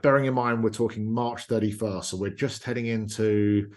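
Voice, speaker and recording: A man's voice: lowish voice, fairly even intonation, normal speed. A man hosting a podcast, telling a travel story with enthusiasm in casual chat. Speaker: podcast host.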